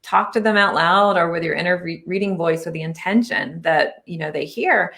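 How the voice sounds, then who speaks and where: A woman's voice: fairly low pitch, expressive, fairly quick, vocal fry, few pauses, fairly bright tone. A woman hosting a podcast about spirituality, talking in an enthusiastic and reassuring way in casual interview chat. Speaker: podcast host and spiritual medium.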